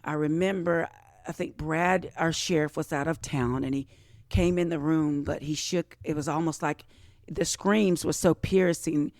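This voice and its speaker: A woman's voice: low voice, steady tone, measured pace, darkish tone, dry recording, studio quality. A woman guest on a podcast, telling a personal story with feeling, repeating phrases and acting out what others said. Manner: emotional, repeats phrases, acts out quoted voices.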